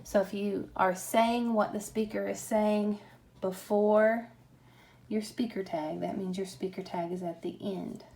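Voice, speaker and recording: A woman teaching a grammar lesson, explaining punctuation slowly and patiently. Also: medium pitch, fairly even intonation, gravelly, dark tone.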